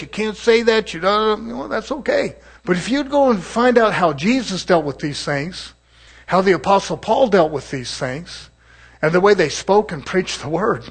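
A man's voice: high voice, slightly rough. A man preaching a sermon in an emphatic, confrontational way, chuckling between points.

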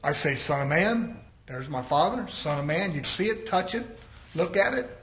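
High-voiced, bright preaching man. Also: animated, moderate pace. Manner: preaching, rising to shouts and dropping low. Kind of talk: fiery sermon.

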